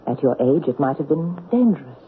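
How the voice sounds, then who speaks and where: A woman's voice: deep voice, sing-song, fairly quick, narrow, tinny audio. An actress playing a poised, gracious newly married lady with a teasing, lilting way of speaking, in an old radio drama. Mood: playful. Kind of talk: 1940s radio acting. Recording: scratchy old radio broadcast with faint hiss.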